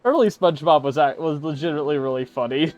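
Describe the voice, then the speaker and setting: A man's voice: fairly high pitch, quick pace, darkish tone. A man chatting casually while playing a video game with a friend, rambling and joking. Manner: rambling, jokey, does silly voices. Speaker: game streamer. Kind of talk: casual co-op gaming chat. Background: game music.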